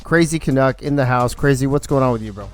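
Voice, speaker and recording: A man's voice: medium pitch, quick pace, faint music behind. Bantering male stream host. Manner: bantering, excitable. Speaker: league host. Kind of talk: casual stream hosting.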